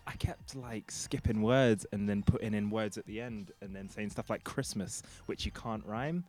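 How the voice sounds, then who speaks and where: Laid-back radio host. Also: male voice, on the low side, normal speed, a little mellow. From London. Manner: laid-back, jokey, slangy. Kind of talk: casual radio chat. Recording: music playing behind.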